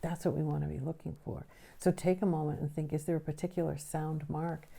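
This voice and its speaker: Woman educator, deep mellow voice, patient explainer who keeps checking in with listeners. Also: level tone, brisk, gravelly, breathy edge. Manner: explanatory, often checks in with a tag question. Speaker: nervous system educator. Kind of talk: teaching a recorded lesson.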